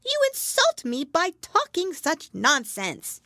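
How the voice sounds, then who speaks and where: A woman's voice: very high-pitched, huge pitch swings, takes it slowly, sharp tone, dry recording, studio quality, voice pushed up, heavily acted. A woman voicing a touchy, proud little male mouse who speaks severely and sharply in a storybook reading. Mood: indignant.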